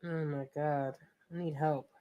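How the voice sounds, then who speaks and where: A woman with a New York accent talks through a painting tutorial in a slow, unhurried way. Her voice sits a little low. She is chatty and playful and speaks to viewers as if they were friends. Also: steady tone, muffled recording. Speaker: art tutorial host. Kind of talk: casual painting tutorial chat.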